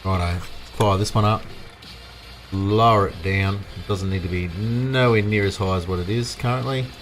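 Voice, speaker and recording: An Australian man livestreams a farming game, rambling casually and chatting with his viewers. His voice is on the low side with fairly even intonation at normal speed. There's a little hiss or hum.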